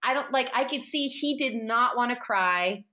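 Chatty woman, slightly high voice. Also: moderate pace, sharp tone. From San Francisco, US. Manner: rambling with many fillers and restarts, emotional, tearful at times. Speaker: podcast guest. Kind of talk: candid conversational storytelling.

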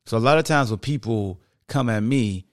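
A man's voice: medium pitch, moderate pace, dry recording, clean studio sound. A man hosting a podcast, talking casually into a microphone and acting out what fans say to him. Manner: conversational, acts out quoted fans. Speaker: podcast host.

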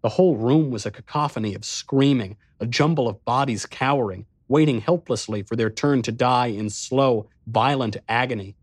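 A man narrates a story in the first person with tense, breathless intensity. His voice is mid-pitched and recorded close in a dry studio booth. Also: normal speed, few pauses, breathy edge, no room sound.

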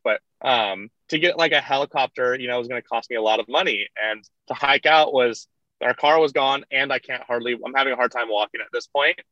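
A man's voice: medium pitch, sharp tone, no room sound. Young man rambling through a story, lo-fi. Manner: rambling, heavy use of "like", laughs through retellings. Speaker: podcast guest, kayaker. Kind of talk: casual storytelling. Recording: dull lo-fi dry sound.

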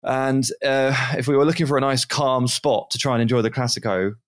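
Male podcast co-host, mid-pitch, animated storyteller. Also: brisk. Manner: animated anecdote telling, mimics voices in quotes. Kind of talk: casual storytelling chat.

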